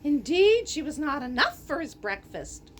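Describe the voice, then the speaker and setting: A woman storyteller reading a fairy tale aloud in an animated way, gasping and adding playful asides. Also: sits high, moderate pace, a little hiss or hum.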